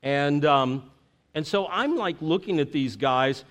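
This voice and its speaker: A middle-aged man from Florida, giving a conversational sermon as pastor, halting with many fillers and restarts. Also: fairly high pitch, lively intonation, fairly bright tone.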